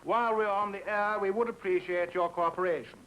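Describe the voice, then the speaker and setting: A man's voice: high voice, fairly even intonation, brisk, a bit bright, low-quality recording. A man making a polite, formal studio announcement to an audience. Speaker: producer and announcer. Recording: old TV audio with faint hiss.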